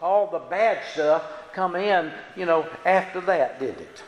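High-voiced folksy preacher in echoey hall. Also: male voice, animated, a little slow, dull audio. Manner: folksy, leans on tag questions to the congregation. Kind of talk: sermon. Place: church sanctuary.

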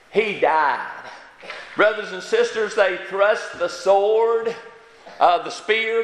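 A man preaching a fervent sermon in a church, breaking into amens and halting fillers as he builds to loud, emphatic peaks. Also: high-pitched. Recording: echoey hall with long reverb.

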